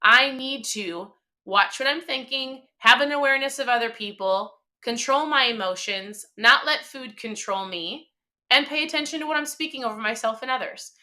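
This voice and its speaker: Woman host, thirties, motivational live-stream talk, emphatic and chatty; pitched a bit high with a forceful edge. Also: moderate pace.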